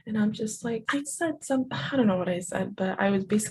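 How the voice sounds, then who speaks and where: A young woman hosting a podcast, telling a personal story in a halting, confessional way with many restarts. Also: medium pitch, darkish tone, slight background noise, low-quality recording. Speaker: podcast host sharing her story.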